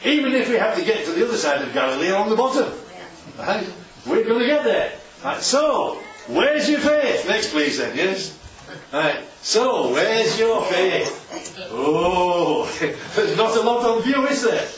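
A man's voice: sits high, sing-song, normal speed. A man leading an interactive sermon as a preacher, checking in with his listeners after nearly every point. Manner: constantly checks in with "right?". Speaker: preacher leading a Bible study. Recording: echoey room, distant dull mic.

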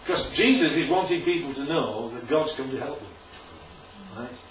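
Chatty preacher in a roomy hall. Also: male voice, medium pitch, very animated, moderate pace, a bit bright, a little hiss or hum. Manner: chatty, keeps asking the congregation "right?". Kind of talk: informal church talk with slides. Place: church hall. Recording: roomy, distant and dull church recording.

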